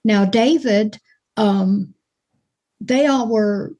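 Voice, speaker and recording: A woman from Alabama with a mild Alabama accent, chatting as an actress guest in an interview, folksy and quick to laugh. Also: medium pitch, warm tone. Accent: mild Alabama Southern. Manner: folksy, chatty storyteller who laughs easily. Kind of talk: casual interview chat.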